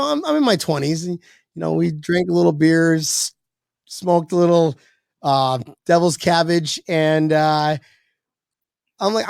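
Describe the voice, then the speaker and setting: Gravelly man telling a rowdy story. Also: on the high side, no echo. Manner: animated, swearing, acts out quoted voices. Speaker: podcast guest. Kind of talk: casual storytelling on a podcast.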